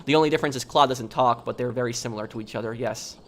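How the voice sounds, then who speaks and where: A young man talks through a casual live stream in a plain, middle-pitched voice. He rambles, restarts his sentences and fills every gap with ums and uhs as he answers viewers. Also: racing, a bit bright, a little hiss or hum. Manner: rambling, many ums and uhs, repeats himself.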